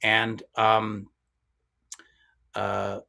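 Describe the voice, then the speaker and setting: A man's voice: lowish voice, completely flat delivery, extremely slow, vocal fry, bright, forceful tone. A man in his fifties, a guest violinist, explaining ideas in a casual discussion, thoughtful and rambling with frequent restarts.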